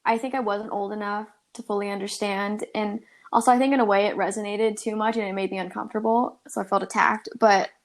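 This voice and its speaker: A woman's voice: medium pitch, fairly even intonation, quick pace, few pauses. A young woman from California co-hosting a podcast, rambling and laughing through casual chat, full of "like" and "dude.". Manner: giggly, rambling, lots of "like" and "dude". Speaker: podcast co-host.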